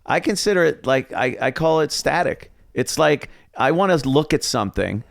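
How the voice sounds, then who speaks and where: A man's voice: a little high, expressive, normal speed, vocal fry, no echo. Middle-aged radio guy guesting, blunt and sweary, laughs a lot, dry close mic. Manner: blunt and profane, laughs often. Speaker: podcast guest, radio host. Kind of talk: casual chat.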